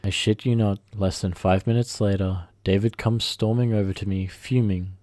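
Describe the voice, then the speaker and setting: A man's voice: lowish voice, steady tone, warm tone, dry recording, studio quality. A man reading a first-person revenge story aloud, often stumbling and correcting himself mid-sentence. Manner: halting, self-correcting reading. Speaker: story narrator.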